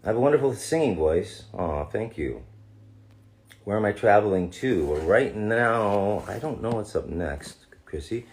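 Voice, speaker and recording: A man with a deep, low-set voice chats through a live fan Q&A, reading messages aloud and answering them with easy, teasing humor. He drops in fond asides to the audience as he goes. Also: animated, unhurried, darkish tone. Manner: playful, jokey, calls fans darling. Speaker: voice actor answering fan questions.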